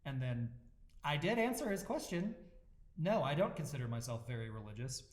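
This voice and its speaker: A man's voice: a little high, very animated, moderate pace. Chatty, laughing male podcast co-host. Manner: laughing, chatty, uses "like" often. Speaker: youth pastor and podcast co-host. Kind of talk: casual podcast chat.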